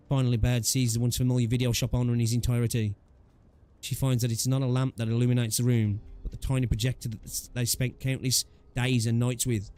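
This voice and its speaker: A man's voice: mid-range voice, flat delivery, fast, darkish tone, faint music behind. A man reading a game's story aloud, with casual asides between the lines. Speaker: gaming YouTuber.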